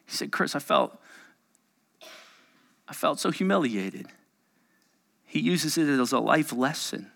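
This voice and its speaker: A middle-aged man preaching a sermon, animated and acting out the voices of the people he quotes. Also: fairly high pitch, takes it slowly, vocal fry, pauses often. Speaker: pastor.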